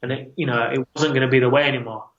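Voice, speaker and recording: A man with a medium-pitched, steady voice speaks very fast as a podcast guest, a men's coach telling an earnest, reflective personal story in an interview. The podcast audio is roomy and slightly dull.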